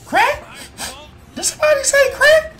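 A squeaky, sobbing crybaby of a grown man for a comedy cartoon. He wails every word in a shrill falsetto, drawn out and slow. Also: lively intonation, bright, forceful tone, faint music behind, heavily acted. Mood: whiny. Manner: crying, wailing. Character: whiny tearful male drug-dealing deadbeat.

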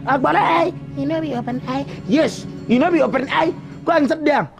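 An actress with a Nigerian Pidgin accent playing a loud, accusing young woman who feels jilted. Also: high-pitched, a little fast, vocal fry, faint music behind. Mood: quarrelling. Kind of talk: comedic film acting.

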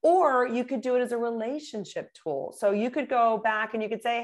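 Woman, middle-aged, interview guest, animated storyteller, acts out quotes, slightly high voice. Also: fairly quick, few pauses. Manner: lively, acts out quoted voices with big pitch jumps. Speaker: guest speaker and keynote speaker.

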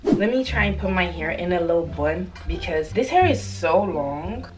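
A young woman vlogs to camera from a room at home, chatty and nervous, giggling and swearing freely as she addresses her viewers. Her voice is lowish and very animated at a normal speed, with some background noise.

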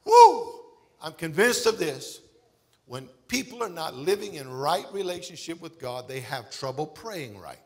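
A middle-aged male pastor preaching a sermon in a church, emphatic with shouts and exclamations. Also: fairly high pitch, big pitch swings, moderate pace. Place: church sanctuary.

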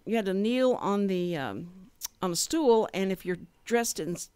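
Older woman in her sixties, radio co-host, animated storyteller, lively pitch, dry close sound. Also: moderate pace, clean tone, no room sound. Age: 60s. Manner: animated, nostalgic storyteller with many fillers. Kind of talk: casual radio chat, storytelling.

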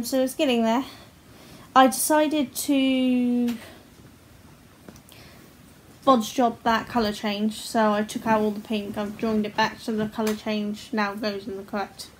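Talking about her crochet indoors at home, a woman in her forties speaks to camera in a higher voice, with slight background noise. Her chat is casual, full of laughter and free swearing.

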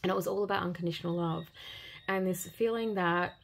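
Woman tarot reader with a gravelly edge, heartfelt and gentle delivery for a reading to viewers. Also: fairly low pitch, fairly even intonation, fairly quick. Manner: earnest, gentle and heartfelt, with many repeated phrases.

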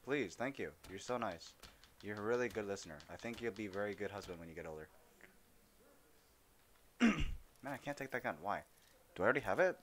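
A man's voice: lowish voice, animated, a little fast, long pauses, a bit bright, a little hiss or hum. A young man streaming a shooter game, rambling and joking as he talks to the characters he meets. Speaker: gaming streamer. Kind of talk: casual let's-play commentary.

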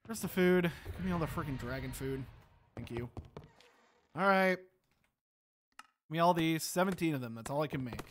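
Young guy grumbling thru his game, pitch all over the place, bit of hiss. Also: lively intonation, moderate pace, pauses often. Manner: exasperated, talks to himself while playing. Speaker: gaming channel host. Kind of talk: gameplay commentary.

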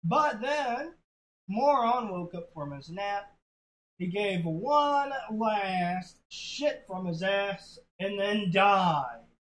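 A casual storyteller with a crude, offhand manner who tells the tale slowly. The delivery sounds unpolished and loose, like talking to friends. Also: medium pitch, lively intonation, fairly bright tone, low-quality recording.

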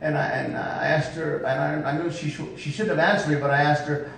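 High-pitched preacher in an echoey church. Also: male voice, fairly even intonation, a little fast, gravelly. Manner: emphatic, calls out "come on now" to the congregation. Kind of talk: revival sermon storytelling. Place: church sanctuary. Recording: echoey church hall from far off, faint rumble.

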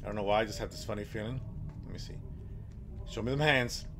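A man's voice: fairly low pitch, fast. A man giving joking let's-play commentary on a horror game, talking to his viewers and to the characters on screen. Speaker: gaming channel host. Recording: game music underneath.

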